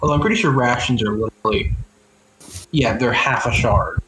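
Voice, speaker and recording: A man's voice: mid-range voice, a little fast, a bit bright, slight background noise. Roomy-sounding man narrating a tabletop game. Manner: loose, filler-heavy narration. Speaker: game master. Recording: roomy echo.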